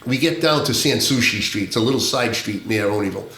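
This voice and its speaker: A former narcotics agent, appearing as a podcast guest, tells a long undercover story in casual talk, acting out the voices of the people involved, laughing often and swearing. His voice is lowish and sharp, he speaks quickly, and the sound is roomy.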